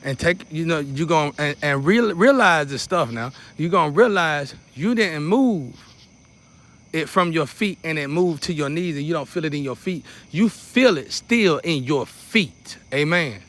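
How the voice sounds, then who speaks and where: A man's voice: a little high, lively intonation, unhurried, fairly bright tone. Man leading a loose preacherly meditation. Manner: loose and repetitive, preacherly asides. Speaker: spiritual teacher. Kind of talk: casual guided meditation teaching.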